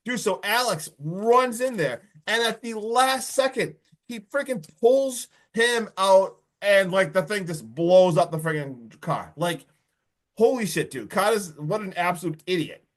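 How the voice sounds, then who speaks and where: A man co-hosting a podcast, recapping a movie in an excitable, slangy way full of "dude" and "like". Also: high voice, unhurried. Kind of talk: casual podcast chat.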